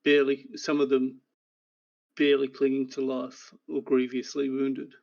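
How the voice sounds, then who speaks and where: A man narrating a recap of the last tabletop game session as game master, in a measured storytelling way. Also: medium pitch, monotone, vocal fry, a little mellow, muffled recording.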